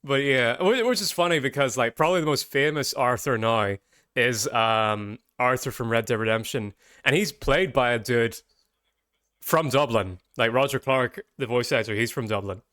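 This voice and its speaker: A man hosting a casual podcast chat, rambling and chatty with quick tangents. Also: mid-range voice, a bit bright, dry recording, clean studio sound. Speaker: podcast host.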